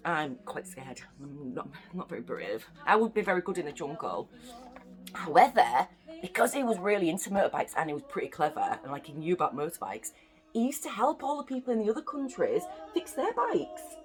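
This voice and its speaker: A woman's voice: on the low side, sing-song, fairly quick, faint music behind. A young woman from the UK reading a children's bedtime story aloud, with chatty, playful asides to the listening children. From United Kingdom.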